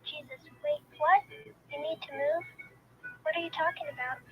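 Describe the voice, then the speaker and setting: A woman's voice: very high-pitched, sing-song, normal speed, dry recording, muffled recording, soft background music. A woman's synthetic AI voice in a voice-chat role-play, narrating her own actions in first person and often exclaiming. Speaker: AI chat character.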